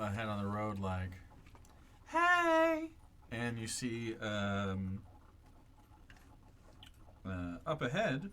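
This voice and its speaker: A man working as game master, narrating a tabletop game in a halting, unscripted way with frequent pauses and restarts. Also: medium pitch, a little hiss or hum. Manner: halting, many fillers and restarts.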